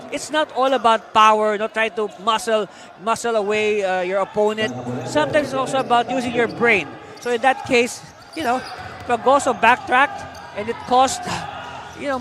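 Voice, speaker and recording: A man with a Filipino accent doing lively basketball commentary, with frequent fillers and rising excitement on the plays. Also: very high voice, moderate pace, a crowd in the background. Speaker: play-by-play commentator.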